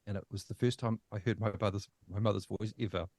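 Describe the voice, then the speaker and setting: Emotional New Zealand man, low voice. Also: steady tone, a little mellow, no room sound. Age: 50s. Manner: halting, emotional, many restarts. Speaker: podcast guest. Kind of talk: personal storytelling.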